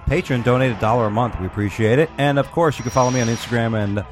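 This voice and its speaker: A man's voice: mid-range voice, very fast, faint music behind. A man hosting a casual comedy podcast, joking and rambling as he reads out a news story. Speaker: podcast host.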